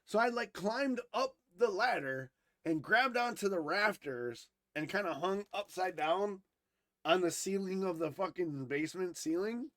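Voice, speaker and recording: A man co-hosting a podcast, telling a story casually, animated and swearing freely, who grew up in Wisconsin. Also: sits high, measured pace, dry recording, clean studio sound. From Wisconsin, USA. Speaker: podcast co-host.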